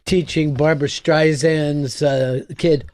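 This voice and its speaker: A man hosting a podcast in casual chat, telling rambling anecdotes and breaking into loud mock quotes. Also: a little high, steady tone, slow pace. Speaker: podcast host.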